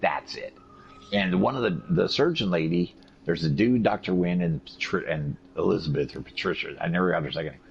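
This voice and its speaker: A man recovering from surgery, telling profane, animated stories in a casual chat. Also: low-pitched, brisk, vocal fry. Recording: dull lo-fi recording with faint noise.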